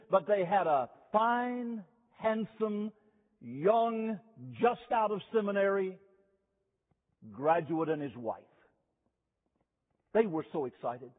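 A man preaching a sermon, telling stories slowly and emphatically, repeating key phrases. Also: high-pitched. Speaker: revival preacher. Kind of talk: sermon with storytelling. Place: chapel. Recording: tinny lo-fi chapel recording with long reverb.

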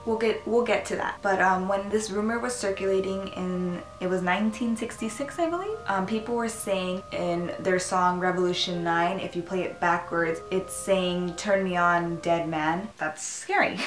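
A young woman vlogging from her laptop in a small room, talking at a middling pitch. She rambles and gets easily spooked, padding her talk with "um" and "like". The room rings with echo. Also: normal speed, a little hiss or hum. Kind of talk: casual chat to camera. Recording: echoey room.

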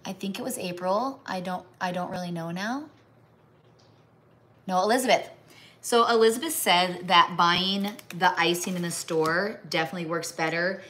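Crafting at a kitchen or craft table at home, a middle-aged woman from the American Midwest chats loosely with her livestream audience. She wanders from topic to topic and stops to address her pets, speaking at normal speed in a lowish, sharp-toned voice.

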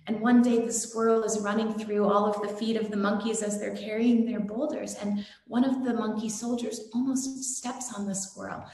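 A woman giving a gentle, devotional sermon and telling a story, with some fillers. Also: medium pitch, little pitch movement, moderate pace, hardly any pauses. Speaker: satsang speaker. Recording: very echoey room.

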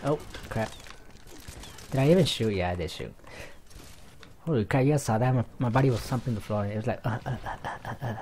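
A young man chatting loosely as he plays a video game at home, losing his train of thought and breaking into excited yells. His voice sits in an ordinary middle pitch. A faint hiss of background noise runs under the recording. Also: a little fast, long pauses. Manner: rambling, easily distracted, excitable outbursts. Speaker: gaming YouTuber. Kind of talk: casual gameplay commentary. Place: home room in front of TV.

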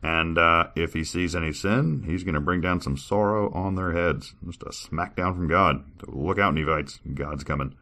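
Deep-voiced man with wry asides. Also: normal speed, few pauses, bright, forceful tone. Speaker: podcast host. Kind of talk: casual reading aloud with commentary.

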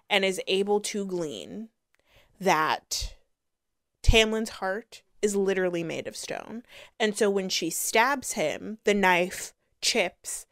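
A woman's voice: fairly low pitch, no room sound, studio quality. Sarcastic woman ranting a book review. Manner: sarcastic, exasperated, animated. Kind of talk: casual rant review.

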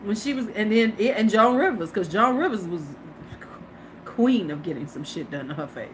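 A woman's voice: medium pitch, expressive, moderate pace, a little hiss or hum. A woman in her fifties, a beauty vlogger hosting a live stream, chatting casually, laughing and greeting her viewers. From United States.

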